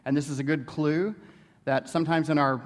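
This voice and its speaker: A man's voice: on the high side, fairly even intonation, fairly quick, in a large hall. A man giving a theology lecture in a conversational way, tossing in "right?" and playful asides. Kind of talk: classroom lecture.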